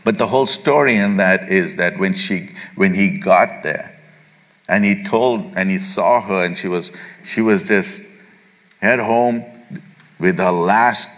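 A man preaching a sermon as pastor, retelling a scripture story with acted quotes and frequent halting restarts. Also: low-pitched, a bit bright, big-room sound. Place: church sanctuary.

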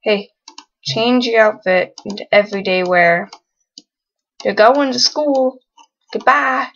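A woman's voice: mid-range voice, takes it slowly, lo-fi sound. A young woman casually commenting on a life-sim game she is playing and talking to its characters in a teasing way. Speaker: let's play gamer.

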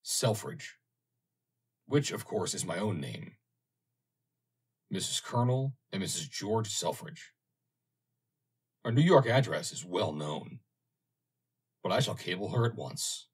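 A man voicing a grieving, white-haired old gentleman in an audiobook, speaking earnestly. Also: deep voice, very animated, slow pace, long pauses, breathy edge, exaggerated voice. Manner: trembling, earnest.

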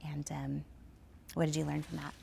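A woman's voice: low voice, level tone, moderate pace, vocal fry, dark tone, breathy edge. A woman interviewing a guest, enthusiastic and affirming, reading passages aloud. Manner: enthusiastic, reads quotes aloud, affirming murmurs. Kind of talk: interview questions. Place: live event stage.

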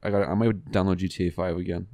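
A man's voice: sits low, flat delivery, fast, dark tone, no echo. A young man co-hosting a podcast, laid-back and swearing freely in casual chat. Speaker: podcast co-host.

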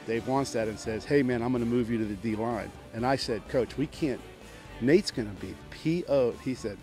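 A man's voice: mid-range voice, a little mellow. Man telling a coaching story. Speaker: former coach. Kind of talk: storytelling interview.

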